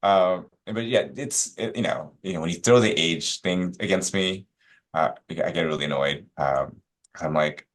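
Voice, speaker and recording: Animated deep-voiced man telling stories. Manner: animated, acts out quoted agents with rising pitch; many fillers, quick asides. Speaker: real estate broker, guest. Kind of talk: casual podcast storytelling.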